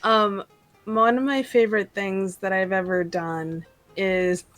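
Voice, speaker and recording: Slow-talking woman telling stories. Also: mid-range voice, fairly even intonation, fairly bright tone, no room sound, soft background music. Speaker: panelist and game master. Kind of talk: casual chat.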